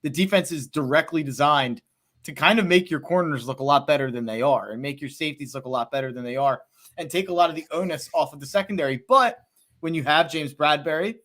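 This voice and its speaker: A man's voice: on the high side, fast, a bit bright. A man co-hosting a sports podcast, talking football in a rambling way with many restarts and hedges. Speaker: podcast co-host. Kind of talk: casual sports talk.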